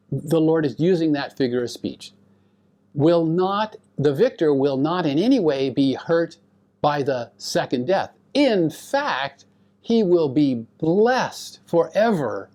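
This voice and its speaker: A man teaching a recorded Bible lecture, speaking deliberately and asking his listeners rhetorical questions. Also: mid-range voice, darkish tone. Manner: explains Greek grammar to students.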